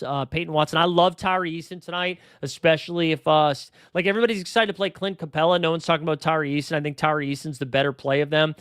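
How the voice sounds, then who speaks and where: A man hosting a casual livestream, his voice a touch high and very smooth and clear. He talks in a quick, chatty way, reading off names and numbers. The sound is dry and close. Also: no echo. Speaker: fantasy basketball show host.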